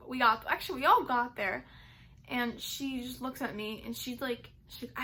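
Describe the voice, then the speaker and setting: A woman's voice: a little high, steady tone, normal speed, sharp tone. A young adult woman telling a personal story to camera in a casual, rambling way, full of "like" and "um". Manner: rambling, heavy use of "like" and "um". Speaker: vlogger.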